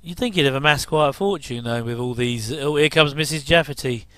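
A man's voice: medium pitch, fairly quick, a bit bright, clear, resonant tone, no room sound. A middle-aged man giving a chatty, jokey commentary over a TV episode. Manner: chatty, jokey asides with chuckles. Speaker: commentary host. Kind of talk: casual watch-along commentary.

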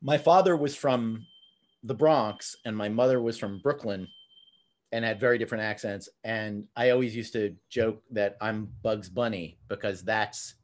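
A middle-aged man with a New Jersey accent, hosting a podcast in casual, jokey conversation. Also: lowish voice. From New Jersey, USA. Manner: chatty, jokey, slips into quick impressions. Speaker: podcast host.

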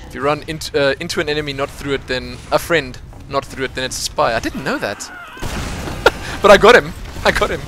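Excitable gamer man, lively voice. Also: a little high, quick pace, few pauses. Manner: excitable, chatty, laughs often, talks to teammates. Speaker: gamer commentating his own match. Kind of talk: casual gameplay commentary. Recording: noisy game audio under the voice.

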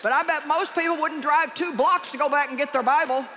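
A woman preaching to a conference crowd in a large hall. Her voice is bright and forceful, and she keeps it lively with jokes and loud call-outs on her key lines. A faint murmur of the audience sits in the background. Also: high-pitched, brisk, a little hiss or hum. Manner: animated and joking, punching key lines loudly. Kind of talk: conference sermon.

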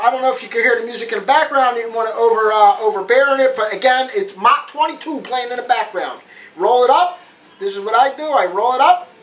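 A man's voice: very high-pitched, fairly bright tone. A man hosting a casual cooking demonstration, chatty and repeating his phrases with street slang. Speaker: home cooking show host.

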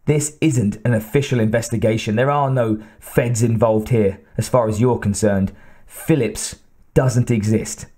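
Male narrator voicing angry bellowing police captain, audiobook, mellow dark timbre, pitched up when he shouts. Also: fairly even intonation, measured pace, husky. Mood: furious. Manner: bellowing, growling.

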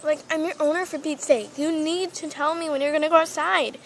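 A woman's voice: high-pitched, fairly even intonation, fairly quick, fairly bright tone, a little hiss or hum. A woman playing a stern young female pet owner who scolds her pet, in a toy role-play video.

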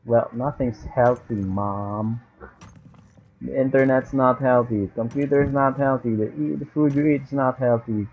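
Male gamer, slow rambling self-talk, swears freely, thin phone-line sound with faint hiss. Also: mid-range voice. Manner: rambling, profane, talks to himself in mixed languages. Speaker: gamer vlogger. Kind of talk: rambling gameplay commentary.

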